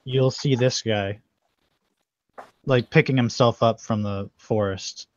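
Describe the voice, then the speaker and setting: A man's voice: medium pitch, steady tone, slow, lo-fi sound. A man narrating as game master of an online tabletop game, in a loose, rambling way.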